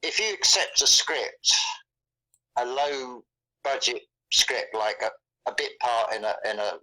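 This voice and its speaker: A man with a bright, forward voice talks casually. He speaks in halting bursts, often repeating a word before going on. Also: mid-range voice, rough recording. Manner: halting, repeats words while thinking. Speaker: guest. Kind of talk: casual conversation.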